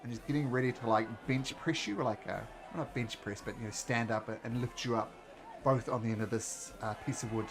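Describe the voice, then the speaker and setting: A man's voice: mid-range voice, fairly even intonation, fairly quick, over music. A man narrating a tabletop game as game master, in a loose, casual way with frequent restarts.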